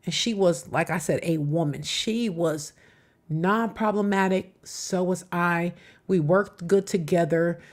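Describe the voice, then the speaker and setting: A woman's voice: on the low side, a little slow, a little mellow. Emphatic middle-aged woman hosting live reactions. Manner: emphatic, talks back to clips. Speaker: reaction show host.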